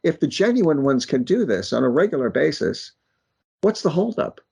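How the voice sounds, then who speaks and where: A man's voice: on the high side, very animated, moderate pace, creaky, a little mellow, breathy edge. A man, a paranormal researcher and guest, arguing his point earnestly in casual conversation.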